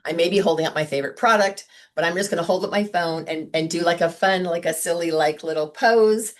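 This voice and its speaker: A woman sales director giving a chatty, upbeat training talk to her team on a video call, full of asides and quick questions. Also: on the low side. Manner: chatty, upbeat, lots of "like" and "right?". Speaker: sales director coaching consultants.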